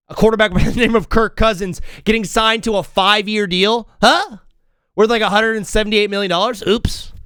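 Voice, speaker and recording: Young guy on a sports talk show, high voice jumping all over, dead dry mic. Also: no echo. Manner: animated, joking, quick shifts from loud outbursts to mumbled asides. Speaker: host.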